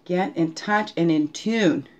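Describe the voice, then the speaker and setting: Speaking slowly in a fairly low voice, a woman reads oracle cards during a home spiritual guidance session. Her casual reading drifts reflectively from point to point, and she regularly asks the listener questions.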